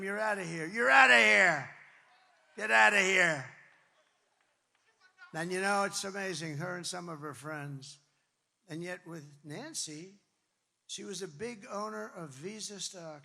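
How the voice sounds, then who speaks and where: A man delivers a campaign rally speech into a podium mic, his voice high, gravelly and forceful. He talks emphatically, repeats lines for effect, drifts into asides, and now and then breaks into a shout. The sound rings with the long reverb of a big rally venue. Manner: emphatic, repetitive, rambling asides, bursts of shouting. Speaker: political candidate addressing supporters. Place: large rally venue with crowd.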